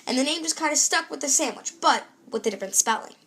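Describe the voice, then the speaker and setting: A woman's voice: high voice, expressive, quick pace, fairly bright tone. A young woman presenting a scripted food show in an upbeat, read-aloud presenter tone.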